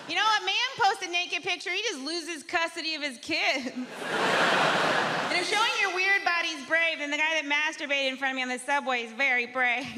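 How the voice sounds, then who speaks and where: A woman performing a stand-up set with a dry, deadpan observational delivery. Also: high-pitched, heavy background noise. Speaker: stand-up comedian.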